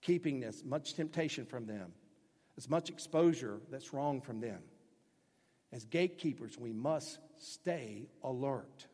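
A man preaching a sermon as pastor, emphatic, breaking into loud acted-out quotes now and then. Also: mid-range voice, expressive, measured pace, breathy edge, long reverb tail.

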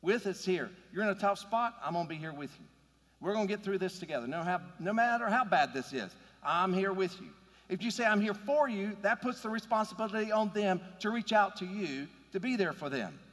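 A man's voice: sits high, animated, a little fast, a bit bright, long reverb tail. A man preaching a sermon in an earnest, conversational way, building to emphatic points. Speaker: pastor.

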